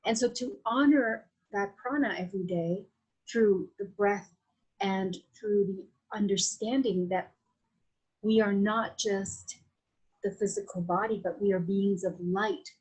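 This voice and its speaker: A woman's voice: mid-range voice, steady tone, measured pace, darkish tone, slightly rough, low-quality recording. A woman with a Latin American Spanish accent, a guest on a podcast interview, talking in a flowing, reflective way with many restarts and fillers. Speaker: guest, Vedic astrologer.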